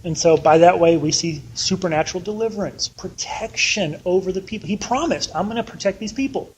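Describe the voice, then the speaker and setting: A man's voice: high-pitched, brisk, darkish tone, slight background noise, rough recording. A man teaching a casual Bible study, chatty and conversational, often acting out the people he quotes.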